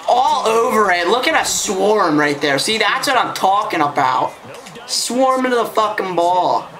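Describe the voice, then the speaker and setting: A man giving profane let's-play commentary, reacting loudly to gameplay. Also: high voice, very animated, measured pace. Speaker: gaming YouTuber. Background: music playing.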